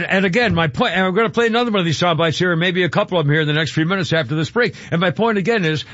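A male radio host in casual banter, voice sitting a bit high. He laughs easily and trips over restarts. The studio sound is dry and a little dull. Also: fairly bright tone, no echo. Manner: chatty, laughs often, restarts.

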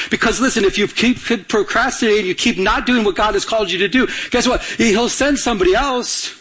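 A man's voice: sits high, a little fast, hardly any pauses, a bit bright, breathy edge. A male pastor preaching a sermon with urgency, repeating lines and prompting the congregation to answer. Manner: urgent, repetitive, call-and-response preaching.

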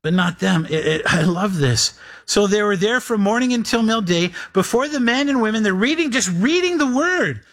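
High-voiced preaching man. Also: expressive, moderate pace, a bit bright. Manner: earnest preaching, quotes scripture and acts out listeners' objections. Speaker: pastor. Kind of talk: sermon.

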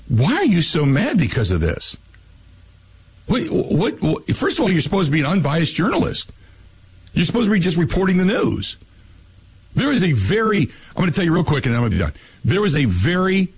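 A man hosts sports talk radio and rants at full bluster, tossing out crude insults. His voice is husky and swoops up and down in a lively way. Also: mid-range voice, rough recording.

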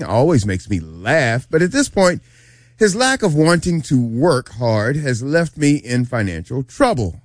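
A man co-hosting a radio show, chatty, reading a listener's letter aloud and adding quick asides. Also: mid-range voice, dry recording, clean studio sound. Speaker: radio co-host.

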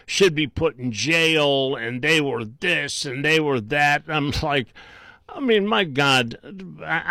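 A man's voice: fairly high pitch, bright, forceful tone, dry recording. A man hosting a call-in radio show, chatting easily with callers and rambling through frequent restarts. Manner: easygoing, rambling with many restarts. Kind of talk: casual call-in chat.

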